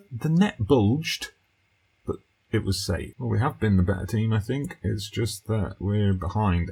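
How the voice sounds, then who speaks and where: A man hosting a let's play, giving casual live commentary on a football management game and reacting to the highlights as they happen. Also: creaky, husky. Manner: animated, reacting to match highlights, talking to his players.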